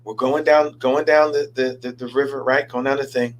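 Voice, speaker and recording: A man, a pastor hosting a show, telling a story in a lively sermon style, repeating himself and stumbling over words as he goes. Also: medium pitch, normal speed, a little hiss or hum, rough recording. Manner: animated, repeats himself and stammers.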